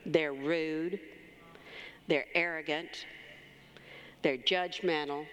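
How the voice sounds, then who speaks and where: A woman's voice: low voice, steady tone, drawn-out words, fairly bright tone. A woman, a pastor's wife, preaching in a church, telling a personal story in a conversational way and calling for amens. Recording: reverberant church hall.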